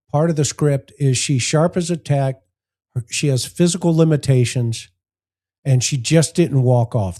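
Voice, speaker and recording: A man's voice: medium pitch, warm tone. A man, a former investigator hosting a show, giving plain-spoken commentary on press conference clips and walking through his points one by one. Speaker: host analyzing press conference footage. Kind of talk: commentary with acted-out anecdotes.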